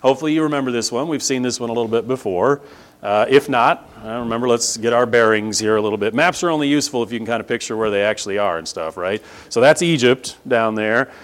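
A man leading a relaxed scripture lesson, his voice sitting in a middle pitch. He keeps it conversational, often checking in with the listener and leaning hard on key words. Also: quick pace. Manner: conversational, checks in with "right?" and leans on emphasis. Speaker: Bible teacher. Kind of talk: casual scripture lesson with a map.

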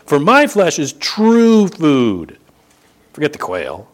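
A man preaching a sermon, reading scripture aloud and explaining it, repeating words for emphasis and slowing down to stress key phrases. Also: fairly high pitch, wildly swooping pitch.

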